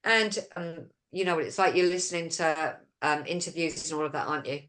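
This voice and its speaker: A woman's voice: low voice, fairly quick, fairly bright tone. A woman, hosting a casual chat show, telling a long anecdote full of quoted dialogue. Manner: storytelling, retelling quoted dialogue; reads listener questions aloud. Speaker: host.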